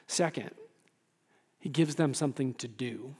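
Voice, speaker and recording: A man pastor giving an animated sermon, often asking the room "right?" and acting out quotes. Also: mid-range voice, measured pace, breathy edge. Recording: long hall reverb.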